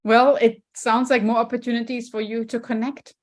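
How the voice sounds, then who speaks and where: A woman's voice: on the high side, little pitch movement, normal speed. A woman hosting a podcast interview, upbeat and encouraging, with frequent ums. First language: German. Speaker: podcast host. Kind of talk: casual interview chat.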